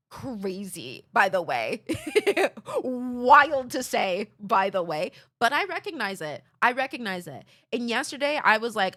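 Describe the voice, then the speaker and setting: A woman's voice: fairly high pitch, big pitch swings, slow, pushed and bright. A young woman streamer chatting casually with her viewers, rambling, swearing and laughing at herself. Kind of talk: casual chat with chat.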